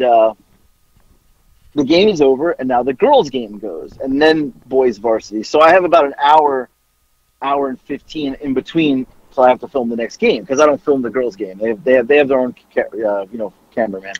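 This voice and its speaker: A man in his forties telling a story on a podcast, loud and profane, with lots of cursing. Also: mid-range voice, no room sound, dull audio. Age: 40s. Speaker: podcast co-host. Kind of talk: casual storytelling chat.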